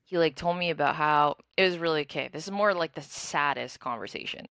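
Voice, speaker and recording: A woman's voice: low voice, a little fast, a bit bright, no echo. A young woman co-hosting a podcast, rambling casually and full of "like". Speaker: podcast co-host and streamer. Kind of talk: casual chat.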